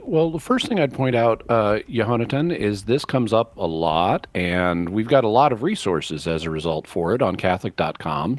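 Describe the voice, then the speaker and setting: A man on a call-in radio show, explaining things in a measured, lecturing way and careful about exact terms. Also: low voice, dry recording. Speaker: apologist guest answering callers.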